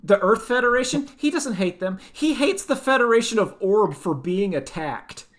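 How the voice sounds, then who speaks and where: A man's voice: high voice, normal speed. A man co-hosting a podcast, ranting in casual chat and laughing as he mocks a show. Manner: ranting, animated, laughs while mocking a show. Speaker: podcast co-host.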